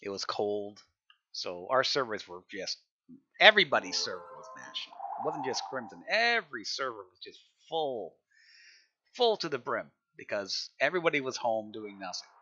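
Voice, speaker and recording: A man's voice: mid-range voice, sing-song, normal speed, pushed and bright, lo-fi sound. A man chatting casually on a live game stream as a server admin, rambling, repeating himself and often laughing.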